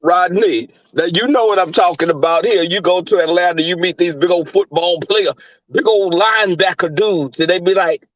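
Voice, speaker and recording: A man's voice: high voice, normal speed, fairly bright tone, no room sound, dull audio. A man with a Southern US accent hosting a livestream, chatting with viewers in a brash, profane, camp manner. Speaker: livestream host. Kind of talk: casual chat with live viewers.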